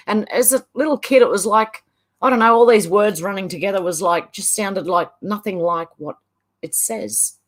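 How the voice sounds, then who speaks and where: A woman's voice: medium pitch, moderate pace. Chatty woman reading live chat aloud. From Ireland. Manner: chatty, laughs often, sing-song reading of chat comments. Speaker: livestream host. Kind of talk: casual livestream chat, reading comments aloud.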